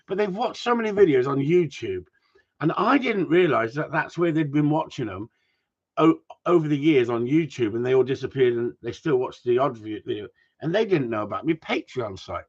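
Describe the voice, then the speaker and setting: Man, gundog trainer, husky, animated and sweary, dull lo-fi sound. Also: a little high. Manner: animated, swears freely, frequent restarts. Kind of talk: casual chat, storytelling. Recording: dull lo-fi recording.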